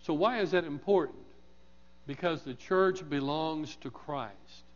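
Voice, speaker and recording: A man preaching a morning sermon, measured and deliberate, repeating key phrases with emphasis. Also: a little high. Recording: dull sound in a reverberant hall.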